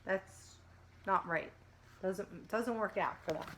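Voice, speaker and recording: A woman preschool teacher reading picture books aloud to children, animated and sing-song, stopping to talk to the kids between pages. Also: mid-range voice, takes it slowly, a little hiss or hum.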